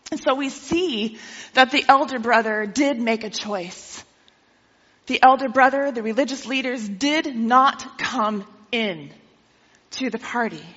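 A woman preacher with a high, bright voice who tells the story in a lively way and keeps asking her listeners questions. The slightly dull recording carries a long reverb from a church sanctuary. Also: unhurried. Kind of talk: sermon.

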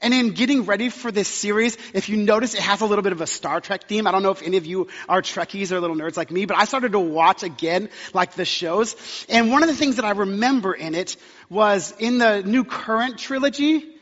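A young male pastor delivers a sermon in a casual, conversational way, trading in self-deprecating humor and stories. His voice sits high for a man. The sound is muffled and lo-fi, with long reverb from a large church hall. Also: fairly quick, a bit bright.

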